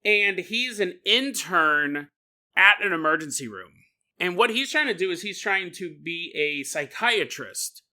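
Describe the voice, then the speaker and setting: A man's voice: high voice, expressive, measured pace, sharp tone. A man hosting a podcast, telling a story as a comedic monologue, joking and laughing often. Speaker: podcast host.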